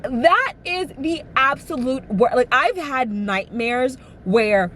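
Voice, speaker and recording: A woman's voice: sits high, expressive, slow, fairly bright tone, a little hiss or hum. A woman in her twenties chatting casually to the camera, dramatic and full of fillers, acting out little quotes as she talks from inside a car. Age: 20s. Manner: chatty and dramatic, heavy use of "like", acts out quotes. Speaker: vlogger. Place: inside a car while driving. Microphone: camera mic.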